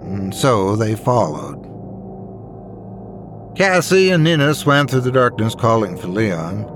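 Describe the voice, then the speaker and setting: A man reading a scripted horror story in a measured, suspenseful manner. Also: lowish voice, big pitch swings, soft background music. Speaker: narrator.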